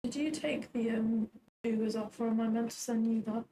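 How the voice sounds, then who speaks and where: A woman's voice: fairly high pitch, fairly even intonation, brisk. A woman chatting offhand with a friend, rambling and playful. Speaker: friend in the room. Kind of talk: casual chat. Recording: noisy room.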